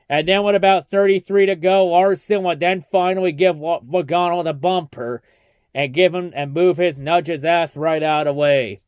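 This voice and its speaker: A man's voice: fairly high pitch, smooth, no room sound, studio quality. A young man giving a casual, profanity-heavy race recap, ranting and mocking as he talks. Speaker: racing recap vlogger.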